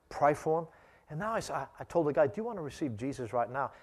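Higher-voiced man preaching emphatically. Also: very animated, fast talker, a little mellow. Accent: non-local accent, not Australian. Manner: emphatic, conversational preaching with repetitions. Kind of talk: sermon with personal storytelling.

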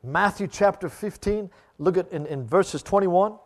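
A man's voice: high-pitched, measured pace. A man preaching a sermon, telling stories in an emphatic, conversational way with frequent repetitions. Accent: non-local accent, not Australian. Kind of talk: sermon with personal storytelling.

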